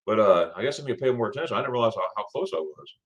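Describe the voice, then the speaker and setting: A middle-aged man from Florida chats through a casual morning livestream, repeating words as he goes and greeting viewers one by one. His pitch rises and falls in a lively way, and he sounds friendly and loose. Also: very fast, lo-fi sound. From Florida, USA. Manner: rambling, repeats words, greets chatters warmly by name. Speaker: livestream host.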